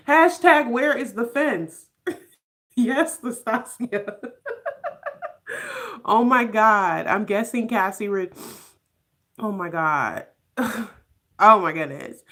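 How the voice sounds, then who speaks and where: Animated woman live-streaming show reactions. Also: fairly high pitch. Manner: animated, laughing, reading viewer names aloud. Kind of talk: casual live-stream commentary.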